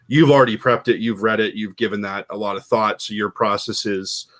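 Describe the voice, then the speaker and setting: A man's voice: fairly low pitch, fairly even intonation, a little fast, a bit bright. A man co-hosting a casual panel chat, rambling and full of "you know" and "like".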